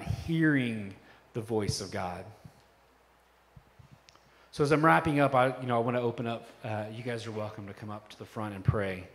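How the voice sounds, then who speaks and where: A middle-aged pastor preaches in a casual, conversational way, dropping "like" and "you know" as he goes. His mid-pitched voice carries a long church reverb, with faint worship music underneath. It sounds like a live sermon recorded in the sanctuary. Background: faint worship band music.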